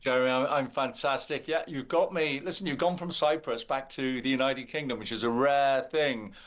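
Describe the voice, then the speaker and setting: Chatty older male politician guesting on talk radio, mid-pitched, cheerful. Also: steady tone, normal speed, a bit bright. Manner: jovial, chatty. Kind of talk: interview.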